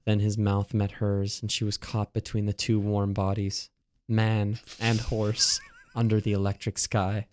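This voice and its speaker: A man's voice: on the low side, monotone, measured pace, a little mellow. A man co-hosting a comedy podcast, reading a parody romance aloud and chatting playfully, swearing casually. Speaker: podcast co-host.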